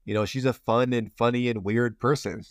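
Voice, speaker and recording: A podcast host with a mid-range voice speaks at normal speed with fairly even intonation during a casual interview. He's rambling and playful, restarting often, and the studio-quality audio has no room sound.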